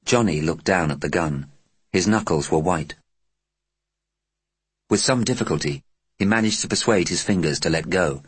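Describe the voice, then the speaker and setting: A man narrating an audiobook with deliberate, expressive storytelling. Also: sits low, slightly rough, no echo.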